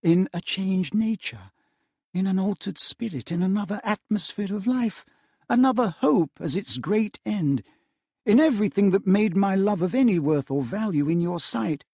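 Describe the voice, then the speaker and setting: A man voicing a soft-spoken, sorrowful young woman. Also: sits high, expressive, moderate pace, husky, no room sound, studio quality, pitched above the performer's own voice, full character voice. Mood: sorrowful, gentle. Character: gentle young woman ending her engagement. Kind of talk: dramatic reading of a classic novel.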